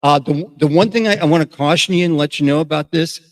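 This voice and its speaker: Middle-aged male radio host, loose rambling review, slightly high voice. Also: fast. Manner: rambling, many fillers and restarts. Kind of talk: casual product review.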